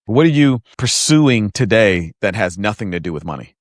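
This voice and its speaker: A man hosting a podcast interview in a relaxed conversational way, often affirming his guest. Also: on the low side, normal speed, dry recording, clean studio sound. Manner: affirming, conversational, frequent "mm" and "yeah". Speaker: podcast host. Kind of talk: casual interview chat.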